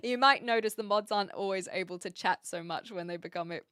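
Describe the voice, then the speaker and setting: A woman's voice: mid-range voice, fast talker, a bit bright, smooth, no echo, studio quality. A woman live streamer chatting casually with her viewers, thinking aloud and laughing often. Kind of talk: casual live-stream chat, reading chat messages.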